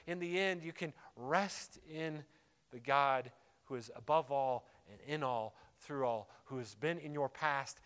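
A man's voice: on the high side, a bit bright, smooth. A man preaching a sermon as a pastor, earnest and emphatic, repeating key phrases for weight. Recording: long hall reverb.

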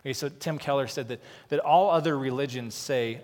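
Male pastor, mid-pitched voice, earnest preaching style, long hall reverb. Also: a little fast, darkish tone. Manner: earnest, repeats words when starting sentences. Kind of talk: sermon.

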